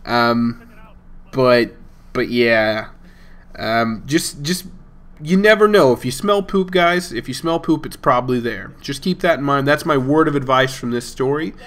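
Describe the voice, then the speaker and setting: A young man talks at a middle pitch in a loose, rambling way, chuckling as he goes. He tells a story casually, like a gaming channel host chatting to viewers. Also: a little slow, fairly bright tone. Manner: rambling and amused, chuckling between lines. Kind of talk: casual storytelling over gameplay.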